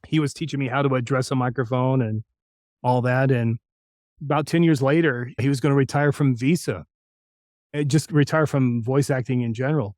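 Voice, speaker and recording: A male voice actor telling an anecdote in an interview, acting out the quotes with animated delivery. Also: mid-range voice, moderate pace, no room sound, clean studio sound. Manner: animated anecdote teller who acts out quotes. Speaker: voice actor guest. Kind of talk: storytelling in a podcast interview.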